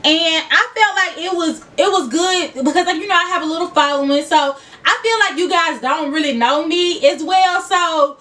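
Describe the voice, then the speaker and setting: Casting: young woman, Memphis Southern accent, high voice, a bit off-mic. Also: normal speed, few pauses, bright, forceful tone, far from the mic. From Memphis, Tennessee. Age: 20s. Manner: chatty, laughing, addresses viewers as y'all. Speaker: YouTuber. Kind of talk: casual vlog chat.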